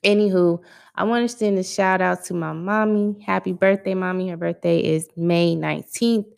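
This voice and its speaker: A woman's voice: fairly low pitch, fairly even intonation, normal speed, gravelly, smooth. A young adult woman hosting her own podcast, chatting casually in a laid-back, slangy way. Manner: laid-back, conversational, loose slangy phrasing. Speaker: podcast host. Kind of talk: casual solo podcast chat.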